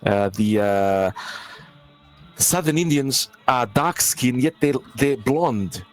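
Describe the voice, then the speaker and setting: A man's voice: medium pitch, animated, slow pace, faint music behind, rough recording. A man talking casually in a group discussion, rambling and stumbling over his words.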